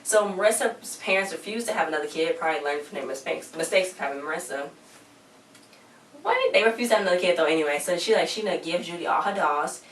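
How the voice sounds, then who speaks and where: A young woman chatting casually through a TV episode recap, slangy and rambling, retelling scenes with animated asides. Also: lowish voice, fast talker, hardly any pauses, a little hiss or hum. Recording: echoey room, distant mic.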